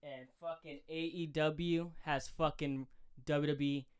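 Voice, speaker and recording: Young dude hosting a podcast, cusses every other word, hypes himself up and yells, smooth voice. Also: male voice, a little high, dry recording, studio quality. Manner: swears constantly, fast and excitable, yells when reliving moments. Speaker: podcast host. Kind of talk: excited casual chat.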